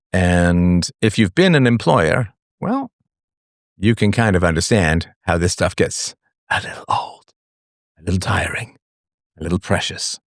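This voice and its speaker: A man's voice: sits low, no echo, studio quality. A middle-aged man hosting a live call-in talk show, talking casually and acting out quoted voices as he goes. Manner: animated, acts out quoted voices, sings snatches. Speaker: podcast host. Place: online audio space.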